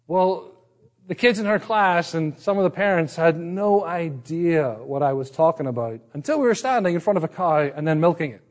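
The pastor's slightly high, gently mellow voice moves at a normal speed and is full of expression. Originally from Northern Ireland and now middle-aged, he has an accent with American traces, and he preaches informally, self-deprecatingly, restarting often.

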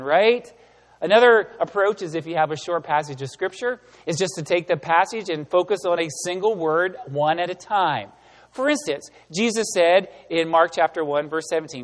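A man giving a sermon as pastor, animated and emphatic, asking the room rhetorical questions. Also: high-pitched, normal speed, in a large hall. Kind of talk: sermon teaching.

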